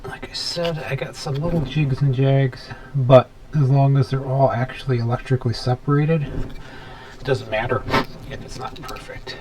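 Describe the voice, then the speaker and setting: A man hosting a casual workbench vlog in his home workshop, thinking aloud as he works and dropping into soft muttered asides. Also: mid-range voice, steady tone, normal speed, a little hiss or hum, low-quality recording. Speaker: electronics hobbyist host.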